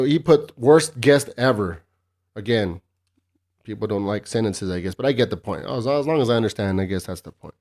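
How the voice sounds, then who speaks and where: A man hosting his own podcast solo, chatting casually in a profane, rambling, sarcastic way. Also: lowish voice. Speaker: podcast host.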